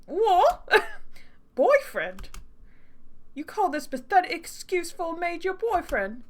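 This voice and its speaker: A woman's voice: very high-pitched, huge pitch swings, slow pace, pitched above the performer's own voice, full character voice. Woman doing a smug man with a fake British accent. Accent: put-on British. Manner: condescending, possessive, mocking. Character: smug arrogant young man, jealous ex-lover. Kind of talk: reading game dialogue aloud.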